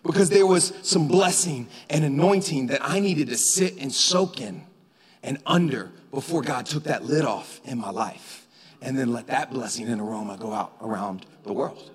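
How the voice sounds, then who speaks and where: A man preaching a sermon in a church, talking conversationally and rising to shouts for emphasis. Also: medium pitch, normal speed, breathy edge. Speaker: pastor. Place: church sanctuary. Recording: long reverb of a church hall.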